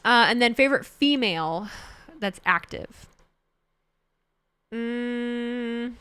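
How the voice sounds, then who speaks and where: A woman's voice: on the high side, slow pace, sharp tone, clear, resonant tone. A woman streamer in casual live chat, joking theatrically and answering her viewers.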